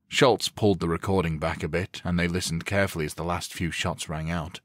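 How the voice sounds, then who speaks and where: Deep-voiced male audiobook narrator. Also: steady tone, a little fast, hardly any pauses, no room sound, studio quality. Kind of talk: scripted narration.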